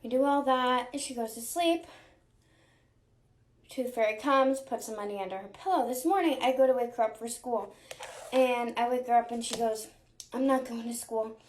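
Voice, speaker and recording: Chatty young mom in an echoey room. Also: female voice, fairly high pitch, normal speed. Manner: chatty, acts out quotes with lively voices. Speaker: mom telling a story. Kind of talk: casual storytelling vlog.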